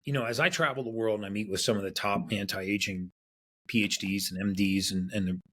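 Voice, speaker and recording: A man's voice: lowish voice, fairly quick, sharp tone. A man being interviewed as a podcast guest, telling a story casually and acting out the quotes with animation.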